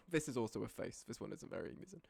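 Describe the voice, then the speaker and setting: A streamer casually ranking images, often breaking into high laughing fits and then dropping into low, sweary mutters. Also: sing-song, fast, vocal fry, slightly rough, no room sound, clean studio sound. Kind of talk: casual live-stream commentary.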